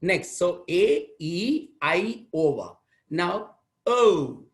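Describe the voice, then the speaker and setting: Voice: medium pitch, sing-song. A trainer from Tamil Nadu with a Tamil Indian English accent, giving an online workshop lecture and repeating key words with emphasis over a video call. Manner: slow, repetitive, emphatic teaching. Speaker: aptitude trainer.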